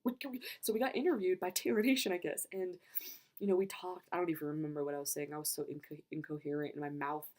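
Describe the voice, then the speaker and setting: A young woman excitedly recounting a story in a vlog, rambling and gushing. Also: low-pitched, fast talker. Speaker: vlogger.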